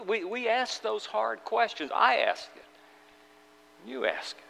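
A man preaching a sermon in an earnest, halting way, often restarting his words. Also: high-pitched, vocal fry, sharp tone. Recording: long hall reverb.

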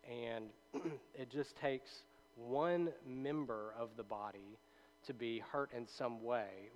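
A man's voice: mid-range voice, a little hiss or hum, rough recording. A man teaching a Bible study in a loose, conversational way, reading passages aloud and checking in with his listeners. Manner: conversational, with many fillers and tag questions.

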